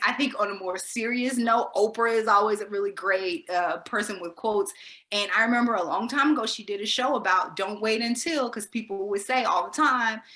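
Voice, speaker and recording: A woman co-hosting a talk show, telling stories in an animated way with quick asides. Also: mid-range voice. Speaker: co-host. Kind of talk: casual chat. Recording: echoey room.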